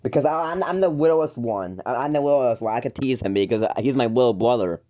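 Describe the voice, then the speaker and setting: This man's mid-range voice is warm, fairly quick, and lively in intonation as he rants on camera about his older brother. A YouTuber, he sounds exasperated and mocking, rambling and tripping over himself with constant restarts.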